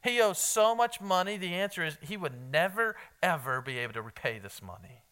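A man's voice: high-pitched, animated, brisk, pushed and bright, clean tone. A man preaching an evening sermon in a conversational, emphatic way, quizzing his congregation. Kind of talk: evening sermon with Bible reading.

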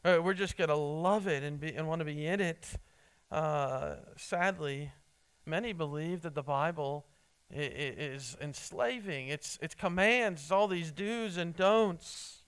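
A man preaching an earnest sermon, halting often with restarts and fillers as he reads and explains scripture. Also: fairly high pitch, fairly bright tone, smooth. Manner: reads scripture and quotes aloud. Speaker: pastor.

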